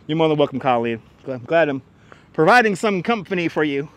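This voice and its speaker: A man's voice: fairly high pitch, big pitch swings, brisk, fairly bright tone, dry recording. A man hosting a casual live stream while walking outdoors in an urban park, chatty and teasing, greeting viewers as he goes.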